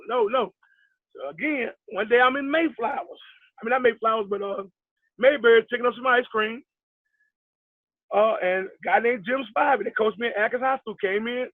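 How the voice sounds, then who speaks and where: High-voiced middle-aged man on a tinny line. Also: dry recording. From New York. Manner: rambling storyteller, acts out quoted talk, many fillers. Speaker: basketball head coach, guest. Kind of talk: casual storytelling interview. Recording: tinny dry phone-like line.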